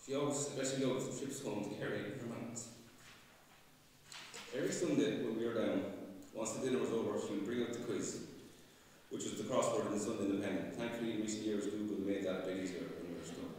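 A man, reading a fond, gently humorous eulogy for his mother at a funeral Mass. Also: lowish voice, slight background noise. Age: 50s. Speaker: son giving a eulogy. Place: large church. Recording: echoey church, voice from far off.

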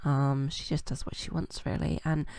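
British gaming channel girl rambling through a let's play, lowish gravelly voice, dry sound. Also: level tone, moderate pace, a little mellow, no echo. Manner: chatty and rambling, with many fillers. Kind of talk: casual let's-play commentary.

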